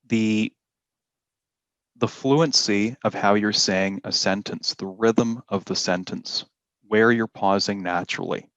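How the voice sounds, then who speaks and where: A man leads a classroom lesson with a slow, deliberate delivery, leaning on the important words. His voice sits on the low side. The recording is dry and a little dull. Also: no echo. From Canada. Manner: slow, deliberate explaining with emphasis on key words. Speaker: IELTS teacher.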